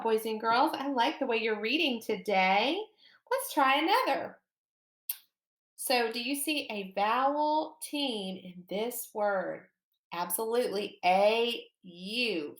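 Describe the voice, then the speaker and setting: Woman teacher sounding out words for little kids, slow and kinda high, echoey room. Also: lively intonation. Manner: slow, encouraging, sounds out letters with praise. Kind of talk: phonics lesson for young children.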